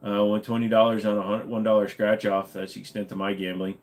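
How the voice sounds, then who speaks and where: A man's voice: fairly low pitch, completely flat delivery, quick pace, hardly any pauses. A tired, cranky man hosts a casual live stream from home, answering viewer questions. He has a slight Minnesota accent. He wisecracks and swears offhandedly. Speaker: livestream host.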